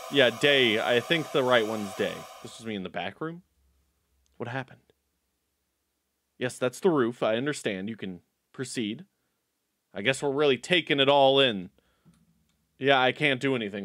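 A man's voice: mid-range voice, a bit bright, no room sound. Sarcastic young man joking through a game. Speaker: gaming YouTuber. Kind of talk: let's play commentary. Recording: game music behind the voice. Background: game music.

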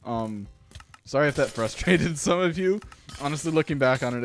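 A man hosting a gaming channel, giving rambling, self-deprecating let's-play commentary with sudden excited outbursts. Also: fairly high pitch.

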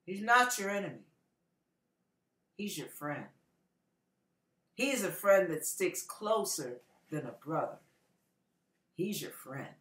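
A woman pastor preaching an impassioned online sermon, moving from hushed, slow teaching to tearful, shouting fervor. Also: lowish voice, expressive, reverberant.

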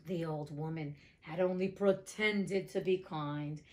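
A woman's voice: low voice, steady tone, a little slow, darkish tone. A woman reading a fairy tale aloud as the host of a reading show, breaking in with joking, chatty comments. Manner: joking, chatty commentary between read passages. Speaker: audiobook reader.

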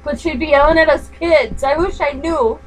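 A woman's voice: sits high, normal speed, poor audio. An older woman with a grandmother's manner, chatting and rambling while crafting at home. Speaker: craft vlogger. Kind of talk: casual chat while crafting.

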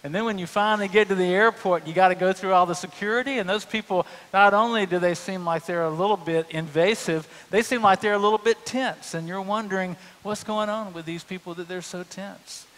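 A man's voice: high voice, brisk, hardly any pauses, a bit bright. A male pastor, preaching a sermon in a humorous, conversational storytelling way. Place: church sanctuary. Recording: long church reverb.

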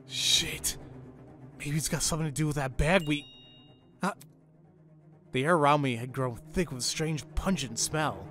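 A man hosting a let's play, reading a visual novel aloud with excitable, cursing commentary. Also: a little high, normal speed, long pauses, soft background music. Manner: excitable, swears and exclaims at the game.

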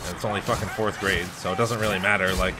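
A gaming channel host from the United States, low-voiced and fast-talking with fairly even intonation, tells a rambling, heavily profane story as he plays a game. The background is noisy.

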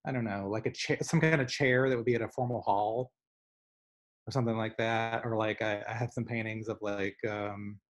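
Chatty Southern man, lively storyteller. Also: fairly low pitch, normal speed. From American South. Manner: animated storyteller, many fillers. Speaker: artist guest. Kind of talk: casual conversation.

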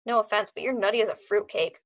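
A man's voice: sits high, quick pace, a bit bright, no echo, lo-fi sound. A woman doing a flustered construction foreman. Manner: flustered, defensive. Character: nervous construction foreman man.

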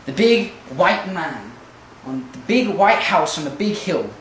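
Man acting out a scheming hustler, halting, repetitive, quietly sinister, very echoey room, heard from far, noisy background. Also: high-pitched, sing-song, heavily acted. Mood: mocking. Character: scheming immigrant hustler man, smugly menacing. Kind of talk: acting-class film monologue. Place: large echoey studio kitchen.

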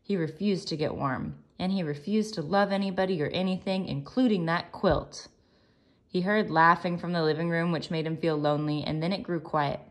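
Calm woman teacher reading aloud. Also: lowish voice. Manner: calm, measured, soft-spoken narration.

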